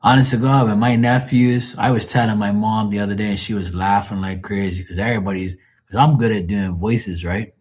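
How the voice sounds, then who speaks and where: A man with a deep, husky voice chatting loosely on a live stream. He tells rambling stories full of swearing and chuckles, with a rough, breathy edge to his speech. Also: fairly even intonation, fairly quick, a little mellow. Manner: profane, storytelling, chuckling. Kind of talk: casual rambling chat.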